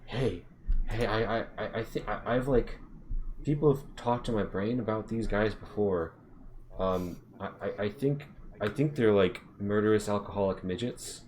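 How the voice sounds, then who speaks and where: A man voicing a nervous male underling with a mental link, speaking in a hushed, stammering, fretful way in a tabletop game. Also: low voice, fairly even intonation, moderate pace, slight background noise, natural voice. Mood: whispering nervously.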